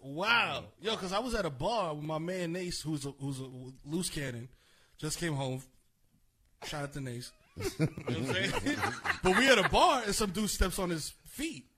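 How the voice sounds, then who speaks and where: A man's voice: fairly high pitch, expressive, moderate pace, pushed and bright, a little hiss or hum. A man telling a story in slangy, laid-back casual chat as a podcast guest.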